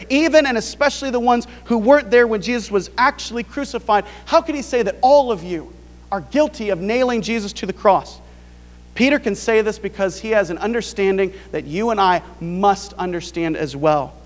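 A man's voice: very high voice, long reverb tail. A male pastor preaching a sermon, pressing his point with rhetorical questions.

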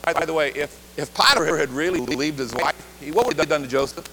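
A man preaching a sermon, leading the congregation in call-and-response and shifting between loud and quiet delivery. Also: on the high side, expressive, quick pace, husky. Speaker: pastor. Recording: reverberant hall, faint hum.

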